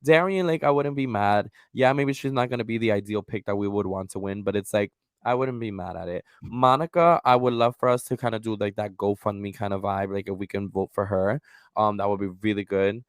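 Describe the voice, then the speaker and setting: Podcast co-host, male, lively and profane, close dry mic. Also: lowish voice, brisk, smooth, no room sound. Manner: animated, profane, swings into loud mock voices. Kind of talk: casual chat.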